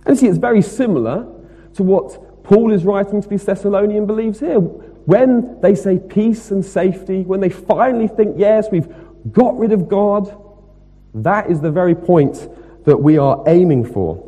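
Man, sermon, emphatic, husky voice, lively pitch, long hall reverb. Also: normal speed. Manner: emphatic, rhetorical, swings between loud stress and quiet asides. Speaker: preacher.

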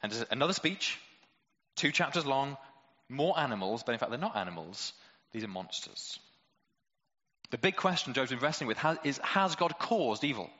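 Bright-voiced male preacher in a hall. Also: mid-range voice, sing-song, moderate pace, highs cut off. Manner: conversational, lots of rhetorical questions, playful asides. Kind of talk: sermon.

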